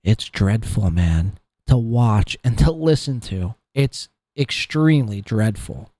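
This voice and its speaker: A man's voice: lowish voice, expressive, slow pace, dark tone, no echo, clean studio sound. A man hosting a podcast who rants in a profane, scornful, rambling way about people he covers. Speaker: podcast host. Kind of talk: ranting commentary.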